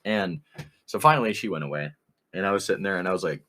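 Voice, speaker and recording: On a podcast he co-hosts, a young man tells a meandering story, frequently laughing and using "I was like" to quote people. He talks quickly in a low but fairly bright voice, with a little hiss or hum in the audio.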